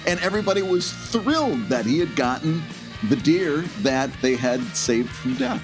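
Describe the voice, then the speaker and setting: A man's voice: on the high side, moderate pace, music in the background. A man with a Midwestern American accent, co-hosting a podcast, telling a story in a casual chat and laughing often. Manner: animated storyteller, laughs often, acts out the voices of relatives. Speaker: podcast co-host.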